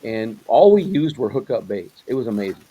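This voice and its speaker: Husky, mellow-voiced man host. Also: mid-range voice, very animated, fairly quick, low-quality recording. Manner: loose, rambling, lots of fillers and backchannel. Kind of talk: casual interview chat.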